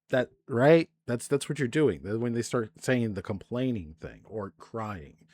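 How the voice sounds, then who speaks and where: A man's voice: lowish voice, very animated, a little slow, darkish tone, dry recording. Profane ranting male streamer, dry close sound. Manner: profane ranting with frequent restarts. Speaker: streamer host. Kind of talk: live-stream commentary.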